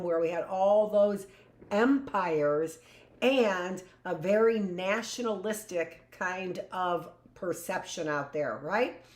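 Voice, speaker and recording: A woman's voice: medium pitch, a little mellow, reverberant. A woman teacher giving a live online history lesson, chatty and jokey, asking questions and answering for imagined students.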